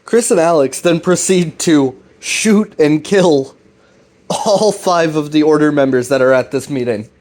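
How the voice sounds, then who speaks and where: A man's voice: on the high side, unhurried, a little mellow. A man giving a casual, rambling plot recap of a web series, loose and profane. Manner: loose, profane, full of fillers and restarts.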